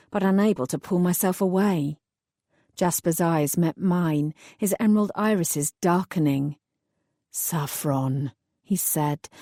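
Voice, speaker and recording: Mellow-voiced woman narrating an audiobook. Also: lowish voice, no echo, clean studio sound. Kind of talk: scripted first-person narration.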